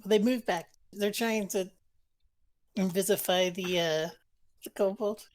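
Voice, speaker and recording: A woman acting as game master, calmly narrating enemy moves in a live-streamed tabletop game. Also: mid-range voice, unhurried. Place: home streaming setup.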